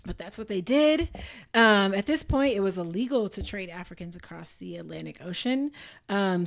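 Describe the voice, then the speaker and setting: An American woman co-hosting a book podcast, chatting casually and laughing often as she recaps the story. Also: mid-range voice. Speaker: podcast co-host.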